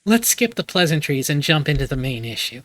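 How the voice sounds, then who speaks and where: Game read: a man playing a formal phone lawyer, measured, slightly high voice. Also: big pitch swings, a bit bright, no room sound, low-quality recording. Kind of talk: reading game dialogue aloud.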